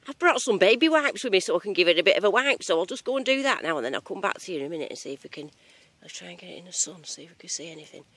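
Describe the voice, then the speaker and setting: A woman's voice: lowish voice, very animated, very fast, a bit bright. A woman with a strong regional English accent, chatting casually and jokily with lots of slang while metal detecting outdoors. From England. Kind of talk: casual outdoor vlog narration. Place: outdoors in a field.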